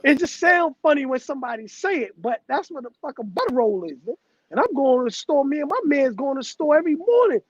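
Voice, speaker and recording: Guy with a really high voice shooting the breeze, cursing a lot, dull dry lo-fi sound. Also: very animated, fast, dry recording. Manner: loose, profane street talk, laughs often. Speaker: host. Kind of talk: casual chat.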